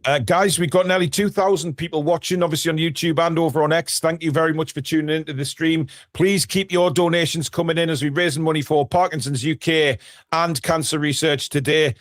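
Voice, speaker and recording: A man hosts a live charity stream, reading out super chats and urging viewers on in a chatty, upbeat way. His voice sits a little high. The sound is close and dry. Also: fairly even intonation, fairly quick, no room sound. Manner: chatty, rallying viewers for donations. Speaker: host.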